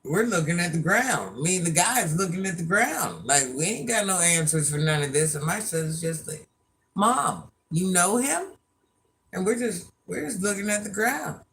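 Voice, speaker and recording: A woman's voice: on the low side, animated, moderate pace, hardly any pauses, a bit bright, a little hiss or hum. A woman in her fifties hosting a casual livestream chat, a chatty storyteller who laughs at herself as she talks to her viewers. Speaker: livestream host.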